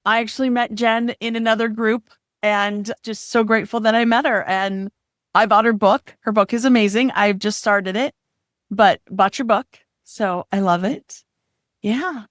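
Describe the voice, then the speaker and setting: A woman's voice: fairly high pitch, steady tone, moderate pace, dry recording, clean studio sound. A woman hosting a podcast, talking in an upbeat, affirming way. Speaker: podcast host. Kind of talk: casual podcast interview.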